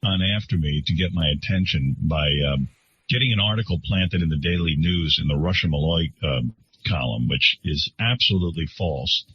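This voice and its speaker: A man with a very husky voice telling a rambling story on a talk radio show, full of hesitations and restarts. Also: deep voice, moderate pace. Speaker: radio host in an archive clip. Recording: dull lo-fi radio recording.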